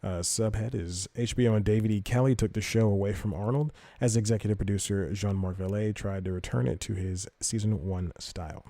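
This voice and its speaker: Low, mellow man rambling on a podcast. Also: fairly even intonation, a little fast, hardly any pauses, dry recording. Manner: rambling, self-correcting, reads news aloud. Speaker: podcast host. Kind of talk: casual podcast commentary.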